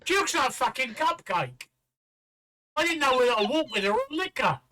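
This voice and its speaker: An older man chats on a casual livestream, telling blunt, sweary stories about his day. His voice is bright and forward, with a lively, up-and-down pitch. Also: normal speed, slight background noise. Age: 50s or 60s. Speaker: stream co-host.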